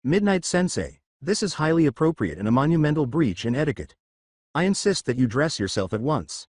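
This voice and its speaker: A man's voice: a little high, sing-song, fairly quick, darkish tone, breathy edge, no room sound, studio quality. A man voicing a stiff, rule-bound teenage class president who speaks formally. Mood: indignant. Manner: formal, indignant.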